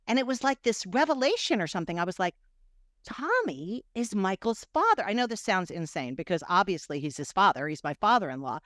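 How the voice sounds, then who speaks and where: A middle-aged woman, a guest coach, telling a personal story in a podcast interview and acting out the dialogue with lively swings of voice. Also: fast, few pauses, no echo, studio quality. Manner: animated, acts out quoted dialogue with big swings in pitch and loudness.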